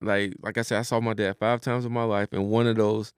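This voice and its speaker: A man's voice: on the low side, level tone, fairly quick, clean tone, no room sound, clean studio sound. A man in his thirties co-hosting a podcast, joking and rambling through stories with plenty of swearing. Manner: joking, profane, rambling storyteller. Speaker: podcast co-host. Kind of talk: casual chat.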